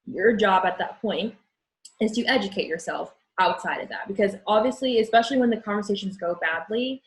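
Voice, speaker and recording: A young woman appears as an interview guest in a candid conversation, speaking frankly and earnestly and often restarting her sentences. Her voice is medium-pitched and fairly quick, and the audio is poor.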